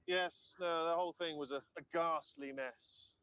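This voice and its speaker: A man's voice: on the high side, fairly even intonation, normal speed, sharp tone, clear, resonant tone, recorded from a distance, pitched above the performer's own voice. A man voicing a posh British hotel heir with a plummy accent and British slang. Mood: blustery.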